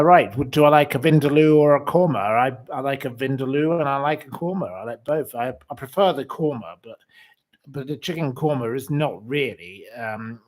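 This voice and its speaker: A rambling man hosts a livestream from home, chatting over a webcam. His voice sits at an ordinary middle pitch, and he drifts between topics with plenty of fillers and theatrical asides. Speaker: livestream host. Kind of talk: casual chat reading viewer comments. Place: room in a house.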